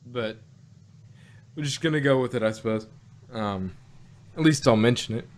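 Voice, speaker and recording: A man's voice: medium pitch, normal speed. A man co-hosting a casual review podcast, thinking aloud with lots of fillers and restarts. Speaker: podcast co-host.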